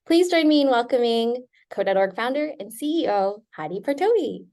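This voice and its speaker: Woman host, kinda high voice, cheery and welcoming on a video call. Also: big pitch swings, normal speed, a little mellow. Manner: upbeat, welcoming. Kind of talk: live-stream hosting.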